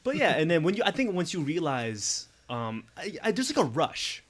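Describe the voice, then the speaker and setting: A young man hosting a casual podcast chat, animated and laughing often, swearing freely as he tells stories. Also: fairly high pitch, moderate pace. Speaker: podcast host.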